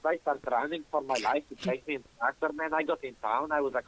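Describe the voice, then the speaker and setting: Pria, bahasa ibu Rusia, penelepon, bahasa Inggris patah-patah, bersemangat, suka mengumpat. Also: male voice, mid-range voice, fast, hardly any pauses, rough recording. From Russia. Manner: broken English, excitable, swears, acts out shouting voices. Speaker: caller. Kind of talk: storytelling on a call-in show.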